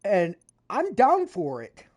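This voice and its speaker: A woman's voice: mid-range voice, huge pitch swings, slow, a little mellow, breathy edge. A woman streamer chatting casually over gameplay, rambling with frequent fillers and self-corrections. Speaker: gaming streamer.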